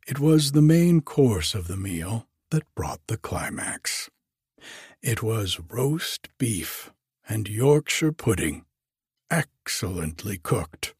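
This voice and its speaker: Slow, husky male storyteller. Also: lowish voice, no room sound, clean studio sound. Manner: measured, even storytelling. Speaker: narrator. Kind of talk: audiobook narration.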